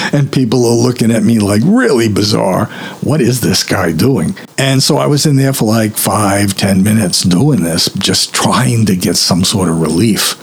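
A man's voice: lowish voice, gravelly, breathy edge. A man casually telling a rambling, self-mocking personal story, acting out the other people in it. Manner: rambling, self-mocking, acts out quoted voices. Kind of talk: personal anecdote told casually.

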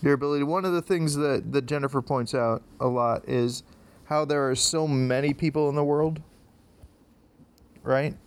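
A man's voice: a little high, normal speed, smooth. Rambling, self-deprecating male podcast host. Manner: rambling, self-deprecating storyteller with many fillers. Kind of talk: casual chat.

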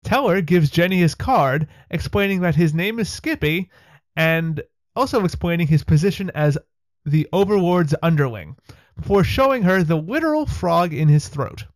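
A man's voice: a little high, expressive, moderate pace, no room sound. A man hosting a podcast, recapping a TV episode with a wry, chatty delivery. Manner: wry, chatty narration with laughs. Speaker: podcast host.

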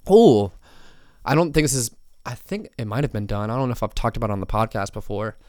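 A man's voice: lowish voice, quick pace, no room sound, clean studio sound. A young man hosting a podcast alone, rambling casually with lots of swearing, fillers and tangents. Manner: rambling, profane, many fillers and asides. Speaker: podcast host.

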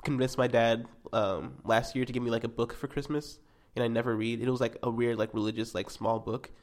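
Brief: young guy, quick rambling storyteller, laid-back self-mocking chat. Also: medium pitch, steady tone. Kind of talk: casual chat.

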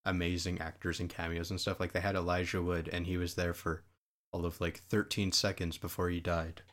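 Very deep-voiced young man, rambling. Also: flat delivery, fairly quick, fairly bright tone. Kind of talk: casual chat.

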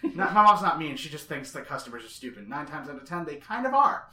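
Male co-host, excitable, swears, bright voice, echoey. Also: fairly high pitch, quick pace, distant mic. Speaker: podcast co-host. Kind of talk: casual chat.

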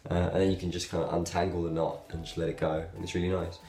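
A young man with a low, deep voice chats to his viewers in a relaxed, rambling way, full of "um"s and little laughs. He is recorded in a noticeably echoey room. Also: very fast. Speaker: video blogger. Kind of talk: casual talk to camera.

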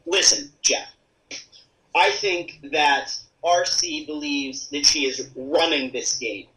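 A man's voice: fairly high pitch, takes it slowly, pushed and bright, distant mic, rough recording. A man doing a smug self-declared mastermind. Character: man impersonating a scheming reality-show contestant. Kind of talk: podcast impression game.

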